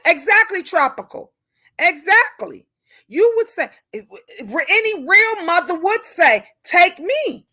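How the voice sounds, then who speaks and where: Fiery high-voiced woman ranting live. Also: bright, forceful tone. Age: older. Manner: fiery, preachy, repeats rhetorical questions. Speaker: live stream host.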